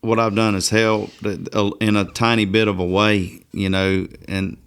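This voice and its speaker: Deep, resonant-voiced male host. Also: level tone, clear, resonant tone. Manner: halting, heartfelt, trails off. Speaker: podcast host. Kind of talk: casual conversation.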